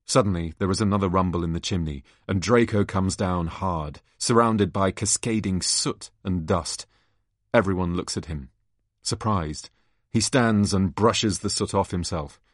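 A man's voice: low voice, measured pace, dry recording, studio quality. A man reading stage directions aloud in a plain, matter-of-fact way. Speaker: narrator.

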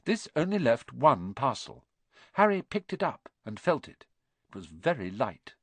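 Expressive male storybook narrator. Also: mid-range voice, measured pace, no echo. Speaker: audiobook narrator.

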